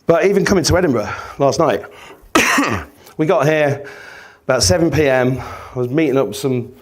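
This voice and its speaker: A man's voice: mid-range voice, animated, normal speed. A man giving a live talk to an audience, telling stories and acting out the people in them, swearing freely. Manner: storytelling, acts out shouting people, swears freely. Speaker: speaker.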